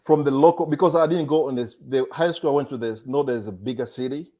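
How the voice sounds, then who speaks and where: A man's voice: medium pitch, quick pace. Hesitant man, DJ guest. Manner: hesitant, restarts sentences, soft-spoken. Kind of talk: casual interview chat.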